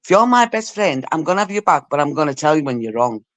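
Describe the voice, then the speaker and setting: A woman's voice: deep voice, very animated, quick pace, no echo. A woman hosting a casual live stream chat, blunt and swearing freely as she talks over her guests.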